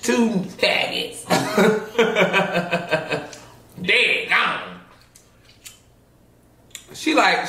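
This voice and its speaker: A man's voice: on the high side, sing-song, very slow, long pauses, bright, forceful tone. A man telling a story with lots of animation and laughter, swearing and mimicking other people. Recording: echoey room, mic far off.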